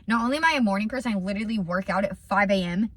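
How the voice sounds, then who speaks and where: A young woman and small business owner chatting casually through a storytime, animated and rambling, repeating words as she thinks aloud. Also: medium pitch, very fast.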